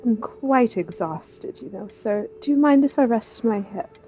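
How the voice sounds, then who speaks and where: A woman voicing a weary, genteel vampire lady who asks politely and slowly. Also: a little high, lively intonation, warm tone, faint music behind, voice pushed up. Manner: polite, languid.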